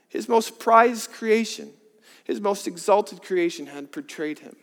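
High-voiced man preaching in a reverberant hall. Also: measured pace. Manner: earnest, builds from hushed to emphatic with rhetorical questions. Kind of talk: sermon. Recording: long reverb of a large hall.

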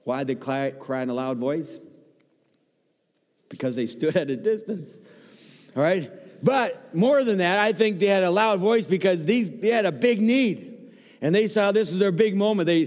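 A man preaching a sermon with humor, acting out voices as he tells a story in church. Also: mid-range voice. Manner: animated, joking storyteller, acts out voices. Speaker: guest preacher. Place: church sanctuary. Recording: long hall reverb.

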